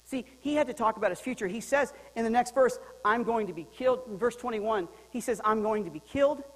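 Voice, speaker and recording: A male pastor preaching a sermon in a lively, joking way, swinging between loud and quiet. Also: very high voice, brisk, in a large hall, low-quality recording. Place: church sanctuary.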